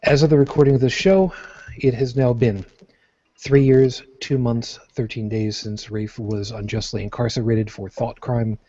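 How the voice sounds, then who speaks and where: A man's voice: medium pitch, fairly even intonation, normal speed, mellow, lo-fi sound. A man from Brooklyn with a New York accent, hosting a casual podcast chat and rambling with many fillers and restarts. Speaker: podcast host.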